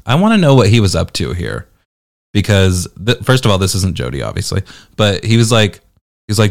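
Brief: male podcast reviewer, low-ish voice swinging wildly up and down, sarcastic and teasing. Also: big pitch swings, brisk, creaky, pauses often. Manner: sarcastic, teasing, jumpy delivery. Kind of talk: casual podcast review chat.

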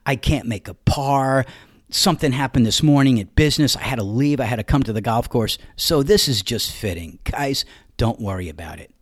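A man's voice: mid-range voice, lively intonation, moderate pace, dry recording, studio quality, natural voice. A man voicing a dazed, gloomy male golfer who shrugs off his bad luck in a weary, complaining way. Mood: resigned.

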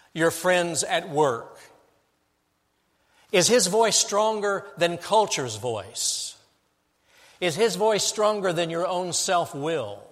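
Middle-aged male pastor, slightly high voice, dynamic sermon delivery, long hall reverb. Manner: dynamic preaching, swings from hushed to emphatic.

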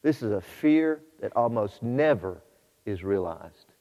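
A man preaching a sermon, shifting between quiet storytelling and loud, fervent exhortation to his congregation. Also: fairly low pitch, sing-song, measured pace. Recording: muffled hall with long reverb.

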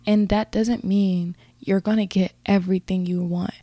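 A woman's voice: medium pitch, steady tone, moderate pace, hardly any pauses, mellow, dry recording. A woman hosting a podcast in a casual, encouraging motivational talk, earnest and prone to rambling asides. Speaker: podcast host.

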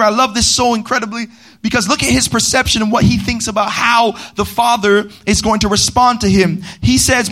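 A man pastor preaching a sermon at a church service, calling out to the congregation and rising into sung, shouted cadences. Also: very high-pitched.

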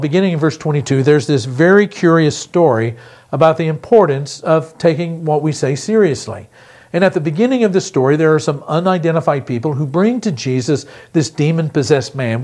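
A middle-aged man preaching a pre-recorded sermon, earnest and emphatic, slowing down to repeat key phrases. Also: fairly high pitch, darkish tone. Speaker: pastor.

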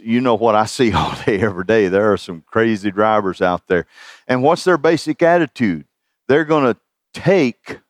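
A man's voice: medium pitch, dry recording. A middle-aged man preaching a sermon in a folksy, conversational way, chuckling at his own asides. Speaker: pastor.

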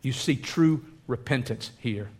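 A man preaching a sermon, animated, acting out the voices of the crowd. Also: mid-range voice, measured pace, breathy edge. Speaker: pastor.

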